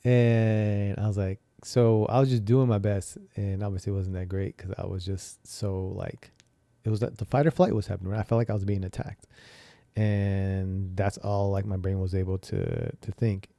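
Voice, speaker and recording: Man, young adult, podcast host, very dark mellow tone, lowish pitch, rambling candid storytelling, fillers, dry close mic. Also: flat delivery, normal speed, creaky, dry recording. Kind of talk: personal reflective storytelling.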